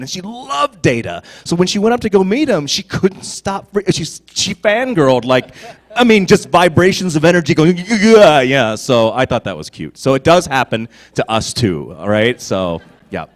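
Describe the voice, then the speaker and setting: Animated man with lively pitch. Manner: animated, laughing, swings from low murmurs to loud bursts. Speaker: convention panel guest actor. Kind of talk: casual storytelling on a fan panel.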